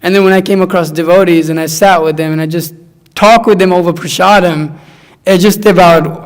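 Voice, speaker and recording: A young man in casual conversation, telling animated stories and acting out his friends' voices. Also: high voice, brisk.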